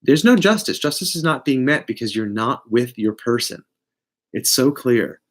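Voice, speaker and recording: A man giving a casual live tarot reading, blunt and profane, with big swings in pitch and loudness. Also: lively intonation, normal speed. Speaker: tarot reader.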